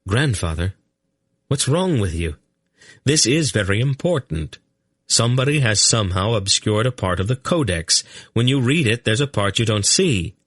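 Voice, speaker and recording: A man's voice: on the low side, animated, moderate pace, a bit bright, dry recording, studio quality. A man voicing an earnest young man who urgently pleads with his grandfather in an audiobook. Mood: pleading. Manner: urgent, raises voice when calling.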